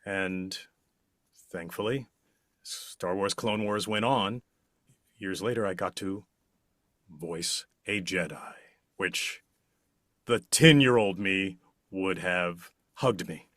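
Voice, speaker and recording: Middle-aged man, low voice, very slow, swelling emphasis, dry close sound. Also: no echo. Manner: slow, expressive, with big swells on key words. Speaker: interview guest, voice actor. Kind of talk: relaxed interview answers.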